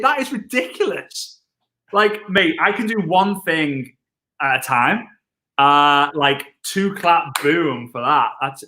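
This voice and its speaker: A man, an energetic and jokey network marketing trainer chatting on a live stream. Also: fairly high pitch. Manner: excitable, jokey, wordplay.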